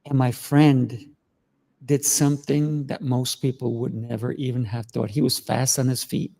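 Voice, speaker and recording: A man hosting a talk show, telling an animated story and giving advice in a casual conversational way. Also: medium pitch, measured pace, gravelly. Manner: animated storytelling with acted quotes. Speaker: host.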